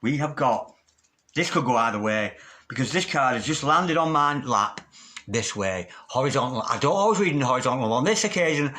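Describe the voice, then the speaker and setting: A man's voice: medium pitch, expressive, a little fast, pushed and bright. A man giving a tarot reading in a theatrical, sing-song manner, calling the listener darling. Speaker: tarot reader.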